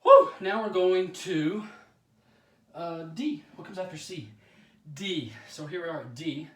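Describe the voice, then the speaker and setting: A man chatting casually while demonstrating yoga poses, out of breath and often clearing his throat, self-deprecating about his flexibility. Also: high voice, animated, measured pace, a bit bright. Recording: echoey room, voice from a distance.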